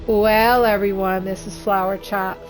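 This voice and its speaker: Casting: a friendly, unhurried woman host signing off a stream. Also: mid-range voice, flat delivery, music in the background, poor audio. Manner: cheery sign-off, thanking viewers. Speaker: streamer and role-play host. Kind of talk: casual stream outro.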